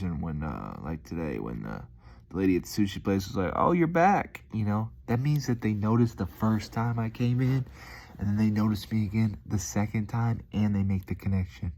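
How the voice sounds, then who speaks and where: A man's voice: low-pitched, mellow. A young man rambling casually to his viewers, slangy and meandering, with lots of fillers. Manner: laid-back, slangy, meandering with many fillers. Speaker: vlogger.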